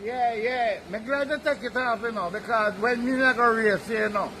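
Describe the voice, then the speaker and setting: A man's voice: very high-pitched, moderate pace, very noisy. An older man with a Jamaican accent, telling stories in easygoing, boastful patois. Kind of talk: casual chat.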